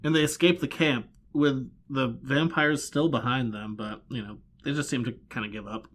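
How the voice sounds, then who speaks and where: A man co-hosting a podcast, recapping comics in casual chat with a dry, deadpan manner and acting out the characters' lines. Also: mid-range voice, moderate pace. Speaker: podcast co-host.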